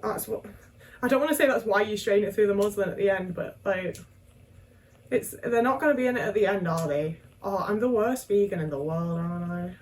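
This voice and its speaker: A woman's voice: medium pitch, fairly quick, recorded from a distance, poor audio. A young woman, chatting casually and self-mockingly while she cooks at home, tagging questions onto her sentences. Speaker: vlogger. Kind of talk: casual cooking vlog chat.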